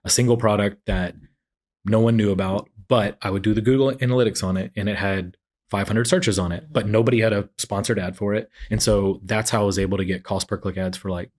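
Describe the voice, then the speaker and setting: This entrepreneur guest, a man in his forties, recounts his own story in a relaxed interview, mimicking the words of others as he goes. His voice sits fairly low, a little mellow, steady in tone and fairly quick.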